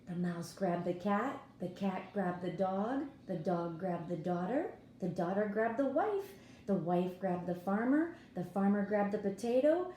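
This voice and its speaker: Expressive woman reading a picture book aloud. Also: mid-range voice, a little slow, reverberant, a little hiss or hum. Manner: lively and expressive, pointing out pictures and asking listeners questions. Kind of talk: read-aloud storytime.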